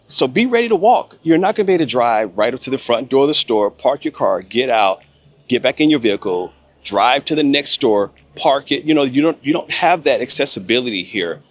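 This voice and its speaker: A man's voice: mid-range voice, a bit bright. An American man giving earnest, emphatic advice in a vlog to camera, stretching out key words for emphasis. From United States. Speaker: vlogger.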